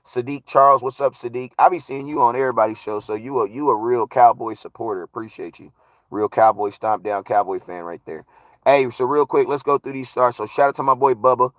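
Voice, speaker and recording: A man hosting a casual live stream, giving viewer shout-outs in a slangy, hyped way that swings from low mutters to loud shouts. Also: a little fast, no room sound. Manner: slangy, repeats catchphrases. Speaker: livestream host.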